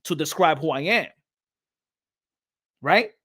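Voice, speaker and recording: A man hosts a podcast in a casual, animated way, repeating words and acting out little exchanges. He slips into Spanish phrases now and then, and his voice sits a little on the high side. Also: slow pace. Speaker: podcast host. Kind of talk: casual talk.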